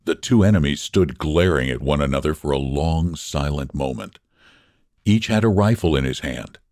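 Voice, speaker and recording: A man narrating a story in an expressive, measured reading. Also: rumbling low, no room sound, clean studio sound.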